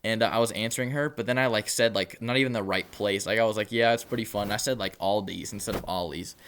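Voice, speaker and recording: A man's voice: fairly low pitch, fairly even intonation, fast talker, fairly bright tone, smooth. A young man telling a rambling personal story in a laid-back way, with lots of filler words. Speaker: storytelling vlogger. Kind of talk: casual storytelling.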